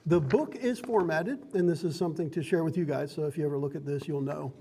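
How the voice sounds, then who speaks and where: A man with a fairly high voice leads a tabletop game as dungeon master. He explains the rules to newcomers in a friendly, teaching tone and laughs easily. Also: quick pace, vocal fry, mellow, big-room sound, a little hiss or hum. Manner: friendly, instructive, laughs often. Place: card and game store.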